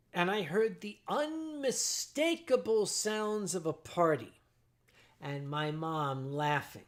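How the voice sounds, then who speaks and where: Animated sardonic man telling a story. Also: high-pitched, takes it slowly. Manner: animated, acts out his own shouting. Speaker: livestream host. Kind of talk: casual storytelling to a chat.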